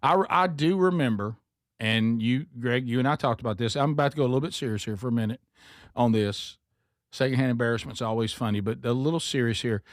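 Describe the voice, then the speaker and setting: A man hosts a talk show, reading a listener's email aloud at a mid-range pitch. He breaks off now and then for wry asides to his co-hosts. The studio sound is close and dry, with no room echo. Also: quick pace. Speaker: radio talk show host.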